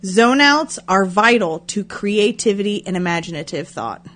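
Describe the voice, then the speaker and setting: A woman's voice: mid-range voice, animated, normal speed, fairly bright tone, slight background noise. A woman in her thirties co-hosting a podcast, chatting casually, swearing a lot and laughing at herself. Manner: profane, self-mocking, laughs often. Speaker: podcast co-host. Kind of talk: casual chat.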